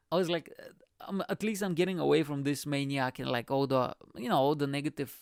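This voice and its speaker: A man's voice: fairly high pitch, steady tone, fairly quick, gravelly, smooth, no echo, clean studio sound. A man, a podcast host, telling a long casual story in English, swearing freely and laughing often. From Bulgaria. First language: Bulgarian.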